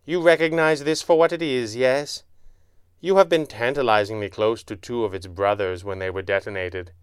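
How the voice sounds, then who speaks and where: A man's voice: mid-range voice, fairly even intonation, normal speed, clean tone, no echo, clean studio sound, lightly acted. A man voicing a sneering, gloating male villain mastermind in an audiobook reading.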